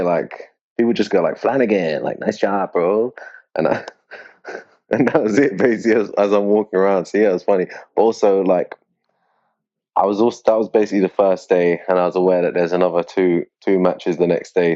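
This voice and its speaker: A man being interviewed as a grappling competitor, talking in a relaxed, rambling way with lots of fillers. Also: sits low. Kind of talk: casual interview chat. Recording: dull lo-fi sound.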